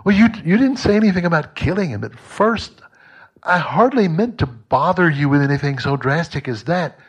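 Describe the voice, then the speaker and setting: A nervous, evasive male ghost stammers and pleads, as a man puts him on. His voice climbs high and tight above his usual pitch. He wriggles out of every question from the storybook reading. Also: expressive, normal speed, breathy edge, highs cut off. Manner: flustered, stammering excuses. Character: dark oily male ghost, evasive and whiny.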